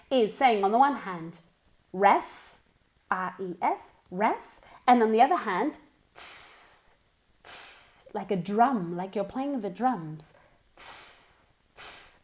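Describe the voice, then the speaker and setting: A woman teaching English, running slow pronunciation drills and exaggerating sounds so learners can hear them, with short explanations in Spanish. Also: a little high. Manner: exaggerates pronunciation and laughs at herself. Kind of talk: online language lesson with drills.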